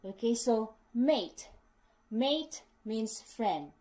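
A woman's voice: on the high side, expressive, very slow, mellow, low-quality recording. A woman with a Filipino accent, chatting casually to camera as a vlogger and often calling her viewers "guys" as she corrects herself mid-sentence. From Philippines.

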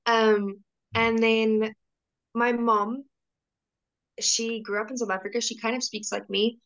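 A woman's voice: fairly high pitch, flat delivery, takes it slowly, a bit bright, lo-fi sound. Young woman, casual call guest, hesitant, restarts often. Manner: hesitant, many restarts and fillers. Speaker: interview guest. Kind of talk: casual video-call conversation.

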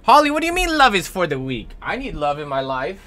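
Profane young male streamer, lively pitch. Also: fairly quick, faint music behind. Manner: profane, chatty, reads chat aloud and shouts at teammates. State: sore and in pain from a hurt leg. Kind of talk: casual live-stream chat while gaming.

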